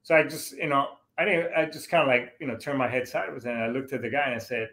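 A man's voice: mid-range voice, fast talker, few pauses, fairly bright tone. A middle-aged man and Marine veteran telling a personal story to his viewers in a casual, rambling way, full of "you know" fillers and restarts. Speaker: show host, Marine veteran.

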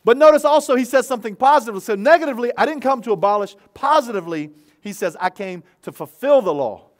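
A man's voice: very high voice, lively intonation, fast. A man who is a pastor, preaching an earnest sermon at an outdoor church service, praying and repeating key phrases for emphasis.

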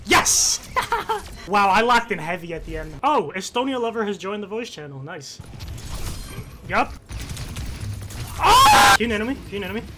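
A young male streamer giving live play-by-play in a ranked match, his voice leaping up and down as he shouts callouts to teammates and curses at what happens. He speaks through a headset or desk mic, and a steady hiss of noise sits under his voice. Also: high-pitched. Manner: excitable, swearing, yelling quick callouts to teammates. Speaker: gaming streamer. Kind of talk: live gameplay commentary and team voice chat.

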